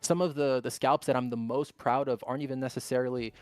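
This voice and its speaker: A man's voice: medium pitch, steady tone, fast, darkish tone, clean tone, no room sound. A man appearing as a guest on a live stream, talking candidly and bluntly and swearing freely. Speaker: guest trader. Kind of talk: casual chat on a live stream.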